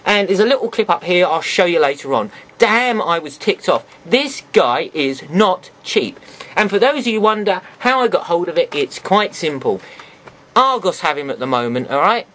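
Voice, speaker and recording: A man's voice: high voice, big pitch swings, normal speed, fairly bright tone. Guy doing a toy review, chatty and sarcastic, voice bounces up and down a lot. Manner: chatty, sarcastic asides to viewers. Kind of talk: casual video review.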